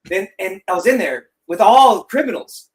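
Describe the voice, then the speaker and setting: A man co-hosting a podcast in casual chat, telling animated stories, swearing freely and laughing through them on a studio mic. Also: high voice, normal speed. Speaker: podcast co-host.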